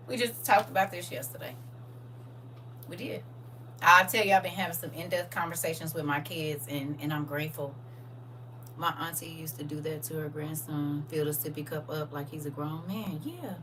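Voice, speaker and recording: A middle-aged woman with a St. chatting casually with viewers on a livestream, telling animated stories and acting out her own reactions. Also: lowish voice, distant mic, a little hiss or hum, poor audio. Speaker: livestream host.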